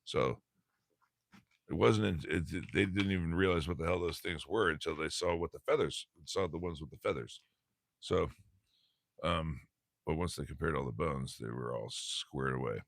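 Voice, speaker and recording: Deep gravelly guy reading a textbook for class, laid-back, trips over words, on his phone. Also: moderate pace, no echo, studio quality. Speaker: teacher. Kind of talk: casual lesson, reading a textbook aloud.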